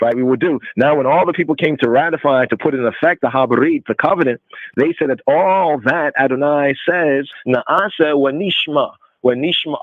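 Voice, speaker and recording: A man's voice: mid-range voice, no echo. A man hosting a call-in radio Bible study, explaining scripture and often checking in with "right?" while mixing in Hebrew terms. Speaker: radio show host teaching Torah. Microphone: call-in phone line. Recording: phone-like narrow band, dry.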